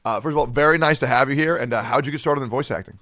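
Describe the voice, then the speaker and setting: A man's voice: medium pitch, rapid-fire, fairly bright tone. A man hosting a casual podcast on a call, upbeat and enthusiastic as he cues in guests. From Canada. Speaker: podcast host.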